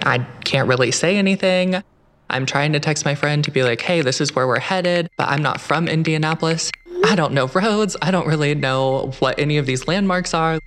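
A young man telling his own true story in the first person, in an earnest, measured way. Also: fairly high pitch, a bit bright. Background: music.

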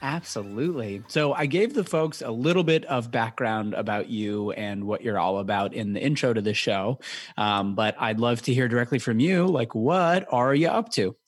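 A man's voice: mid-range voice, moderate pace, breathy edge. A man hosting a podcast interview, upbeat and chatty, with frequent fillers. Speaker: podcast host.

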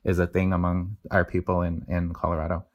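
Deep monotone guy explaining speech stuff, lots of ums. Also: a little fast, lo-fi sound. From Mountain West. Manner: explanatory, many fillers and restarts. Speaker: linguistics researcher guest. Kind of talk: casual interview talk.

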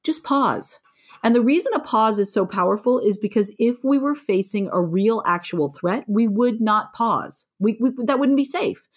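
A woman's voice: mid-range voice, moderate pace. A middle-aged woman, a parenting author, talking frankly and with animation in an interview. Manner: frank, animated, plainspoken with mild swearing. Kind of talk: conversational interview.

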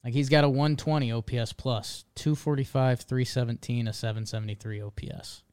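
A man's voice: mid-range voice, fairly even intonation, brisk, darkish tone, clean tone. A man co-hosting a casual sports podcast, talking in a laid-back, dry way with lots of fillers. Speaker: podcast co-host.

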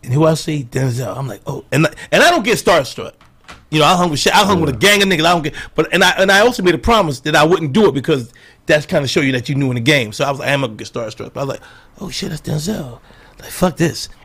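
A man's voice: a little high, racing, husky. A man, a comedian, telling profane stories in a casual chat and acting out what people said. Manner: animated, profane, acts out quotes in others' voices. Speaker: comedian guest.

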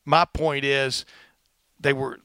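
A middle-aged man with a Texas twang hosting a casual sports podcast, talking fast with lots of uh fillers. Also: mid-range voice, little pitch movement, pushed and bright, smooth, dry recording. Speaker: podcast host.

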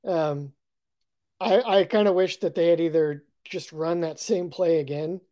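A man with a mellow, warm voice gives measured football analysis in casual podcast talk. He talks through plays point by point. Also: fairly high pitch.

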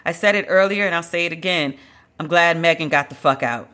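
A woman's voice: lowish voice, brisk, pushed and bright. A woman hosting a solo podcast, talking in a blunt, emphatic, conversational way and drawing out the words she stresses. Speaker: podcast host.

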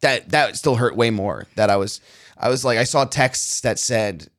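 A comedian guest in casual podcast chat, an animated storyteller who acts out the lines of the people in his stories. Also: mid-range voice, moderate pace.

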